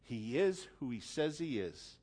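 A man preaching a sermon, telling a story dramatically and building from quiet, hushed lines to loud, forceful appeals. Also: mid-range voice, big pitch swings, a little slow, breathy edge.

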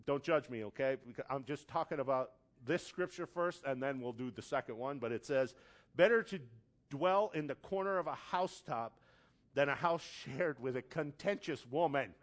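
Male pastor, somewhat high-pitched, casual storytelling sermon with punchy emphasis. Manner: storytelling with acted quotes, conversational; animated, rising to loud emphasis.

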